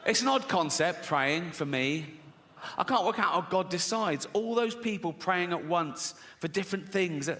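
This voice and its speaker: A middle-aged English man delivers stand-up with a sardonic, swearing edge, slipping into mock voices for the people in his stories. His voice sits fairly high and sounds bright and forceful. A faint noise hums under the recording. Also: animated, normal speed. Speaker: stand-up comedian. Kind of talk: stand-up comedy. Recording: faint background noise, live audience laughs.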